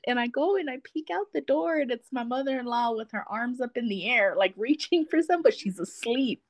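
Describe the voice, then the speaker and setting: A woman's voice: on the high side, lively intonation, fairly quick, few pauses, no room sound. A woman guest on a podcast telling stories in casual chat, cursing freely and laughing often.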